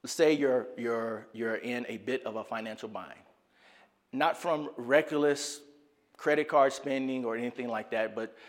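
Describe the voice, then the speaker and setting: A man's voice: medium pitch, measured pace, long reverb tail. Man preaching a conversational sermon. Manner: conversational storytelling with repetitions. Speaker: pastor.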